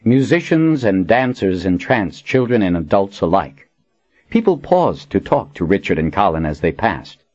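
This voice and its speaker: A man narrating a fantasy novel in an expressive storytelling manner. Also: deep voice, moderate pace, highs cut off. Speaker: audiobook narrator.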